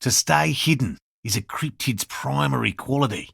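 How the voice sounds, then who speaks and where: A gravelly, earnest cryptozoologist. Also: male voice, medium pitch, fairly bright tone, no room sound, clean studio sound, heavily acted. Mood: explaining. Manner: measured, lecturing, precise. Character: earnest middle-aged male cryptozoologist, patient and hopeful. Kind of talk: video game voice acting.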